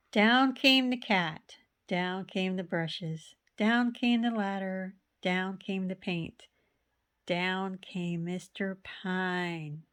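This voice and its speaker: Slow-reading woman storyteller. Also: lowish voice, a bit bright, smooth. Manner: slow, rhythmic, with playful sound words. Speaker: storybook reader. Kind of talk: reading a children's picture book aloud.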